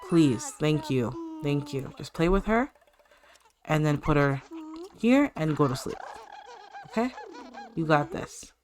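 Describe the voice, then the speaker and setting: A woman's voice: deep voice, animated, takes it slowly, long pauses, darkish tone. A woman voicing an exhausted young mother from her life-sim game, pleading and coaxing.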